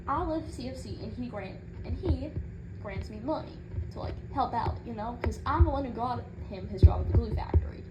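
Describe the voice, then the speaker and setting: A woman doing a comedic in-character rant as a proud mother, sassy and rambling, indignant on her son's behalf. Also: on the high side. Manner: sassy, rambling, indignant, with Southern-style turns of phrase. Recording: noticeable background noise.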